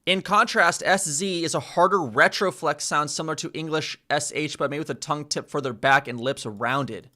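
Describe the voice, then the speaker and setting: In a slightly high, pushed and bright voice at normal speed with few pauses, a language-learning vlogger drills pronunciation casually. He keeps repeating words and makes fun of how he sounds.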